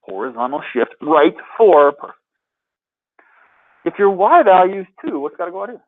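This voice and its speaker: A man's voice: high-pitched, sing-song, moderate pace. A man teaching a math class in a classroom, upbeat and quizzing his students as he works problems. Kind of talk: classroom lecture. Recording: tinny phone-like lecture capture.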